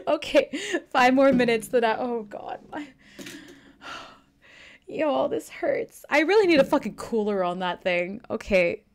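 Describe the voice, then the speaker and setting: A woman's voice: a little high, expressive, a little slow. A young woman streaming a game, talking in a rambling, flustered way and swearing freely as she plays. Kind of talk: live-streamed game commentary.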